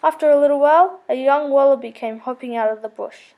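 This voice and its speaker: A woman's voice: high-pitched, a little fast, warm tone. A woman reading a children's story aloud, with small slips and self-corrections.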